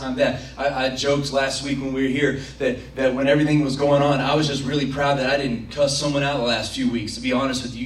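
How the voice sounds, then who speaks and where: Recorded from afar in a roomy church, a man with a medium-pitched voice delivers a sermon as pastor, with slight background noise. He preaches with passion, dramatizing prayers and quotes he imagines.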